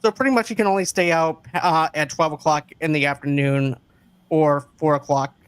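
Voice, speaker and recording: A podcast host reviewing a movie in casual chat, often tripping over words and filling pauses with uh. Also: mid-range voice, steady tone, smooth, no echo.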